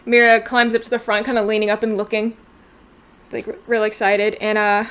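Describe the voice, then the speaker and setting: A woman's voice: mid-range voice, little pitch movement, fairly quick, fairly bright tone, smooth. Woman game master narrating a scene. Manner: loose, descriptive scene-setting.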